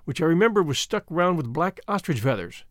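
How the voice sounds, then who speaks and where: A man narrating an adventure novel as an audiobook in an expressive, measured storytelling manner. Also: a little high, dry recording, clean studio sound.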